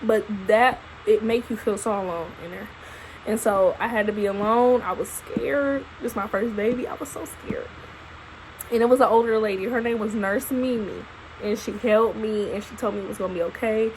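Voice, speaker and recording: A young woman, a new mother casually telling her birth story to camera in an expressive, profane way. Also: medium pitch, normal speed, slight background noise, poor audio. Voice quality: expressive, profane, animated retelling. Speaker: vlogger, new mom. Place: at home holding her baby.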